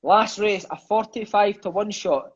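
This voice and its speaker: Scottish man, thirties, high voice, chatty and sweary raconteur, dull lo-fi recording. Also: measured pace, breathy edge. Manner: animated, swearing, peppers lines with "mate". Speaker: interview guest, former footballer. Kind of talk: casual storytelling chat. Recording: dull lo-fi sound.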